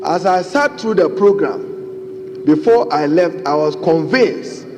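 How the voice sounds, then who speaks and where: A man's voice: on the high side, lively intonation, slow pace. A middle-aged man with a Ghanaian accent giving a formal, emphatic speech in a parliamentary debate, repeatedly addressing the Speaker. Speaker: member of parliament. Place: large parliament chamber. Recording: long chamber reverb, faint background noise.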